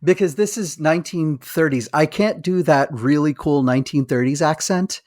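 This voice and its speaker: A man's voice: fairly high pitch, moderate pace, darkish tone, no room sound, clean studio sound. A man co-hosting a medical history podcast, chatting enthusiastically and rambling with asides and restarts. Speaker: podcast co-host, physician. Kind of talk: casual chat with a read-aloud book passage.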